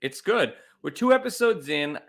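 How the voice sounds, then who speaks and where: A man's voice: fairly high pitch, very animated, moderate pace. A man co-hosting a casual comedy podcast with wry, offhand jokes. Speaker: podcast co-host.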